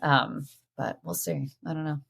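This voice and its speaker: Low-voiced woman, casual podcast chat. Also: a little slow, vocal fry, slightly rough. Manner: animated storytelling, acts out quotes. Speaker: podcast host.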